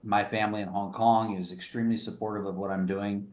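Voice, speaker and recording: A man in his sixties, speaking as an interview guest over a video call in an earnest, sober, halting way. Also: lowish voice, level tone, darkish tone, roomy sound. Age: 60s. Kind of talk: interview conversation. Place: remote room in a small town.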